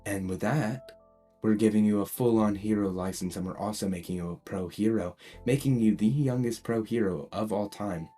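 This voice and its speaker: A man voicing a cheerful small male animal school principal, announcing news briskly in a casual retelling. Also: on the low side, warm tone, soft background music, lightly acted. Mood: upbeat.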